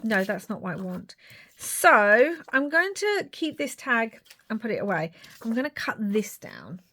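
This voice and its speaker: Slow-talking woman thinking aloud. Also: a little high, very animated, a bit bright. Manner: chatty, thinking aloud, drops to whispers. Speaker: craft video maker. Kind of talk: casual crafting commentary.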